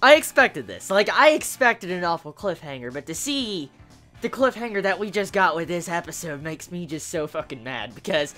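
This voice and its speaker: Excitable, swearing woman reviewing anime. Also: moderate pace, faint music behind. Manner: excitable, swears, with big jumps in pitch. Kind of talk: casual video review.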